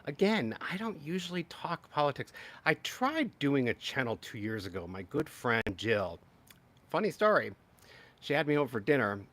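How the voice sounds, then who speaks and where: A man hosting a live-stream political commentary, talking in an animated, exclaiming way and mocking others with high-pitched impressions. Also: normal speed. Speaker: political commentary channel host.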